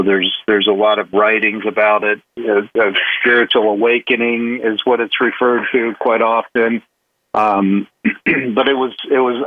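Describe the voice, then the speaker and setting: A man telling a candid personal story as a guest, halting with many restarts and fillers. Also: lowish voice. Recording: tinny phone line.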